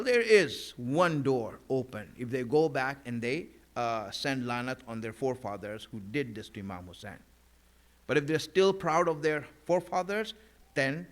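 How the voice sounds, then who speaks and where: A man delivering a sermon in a conversational way, with many "you know" fillers and emphatic repeated lines. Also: mid-range voice. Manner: emphatic repetition of key lines. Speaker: preacher.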